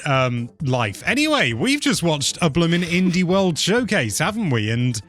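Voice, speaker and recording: A man's voice: a little high, measured pace, faint music behind. A man hosting a casual, jokey chat about games. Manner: chatty, jokey, lively intonation. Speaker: host.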